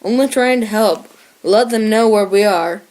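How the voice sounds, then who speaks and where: A woman reading the part of an eager old male shrew who shouts for his friends. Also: mid-range voice, normal speed, lightly acted. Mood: sulky.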